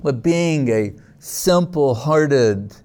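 Guy giving a slow sermon, mellow low-key tone, keeps asking "right?". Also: animated, smooth. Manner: unhurried storytelling with scripture quotes and frequent "right?" checks. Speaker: speaker at a devotional gathering.

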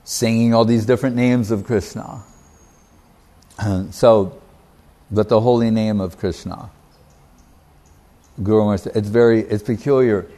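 A man giving a devotional talk as a spiritual teacher, reflective and unhurried, pausing with fillers and quoting Sanskrit verses. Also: lowish voice, steady tone, warm tone.

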